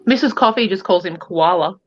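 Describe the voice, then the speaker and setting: A woman's voice: mid-range voice, brisk, muffled recording. An Australian woman chatting casually as co-host, playful and teasing. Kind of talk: casual chat.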